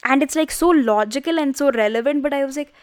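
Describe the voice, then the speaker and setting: Speaking close into a studio mic, this young podcast host chats casually on her own, rambling and peppering her animated self-talk with "like" and other fillers. Her voice sits high and moves fast, with no echo around it.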